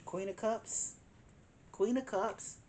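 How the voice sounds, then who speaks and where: A woman's voice: medium pitch, slow pace, darkish tone, slight background noise. A woman giving a tarot card reading, speaking emphatically, repeating her points and chuckling now and then. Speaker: tarot reader.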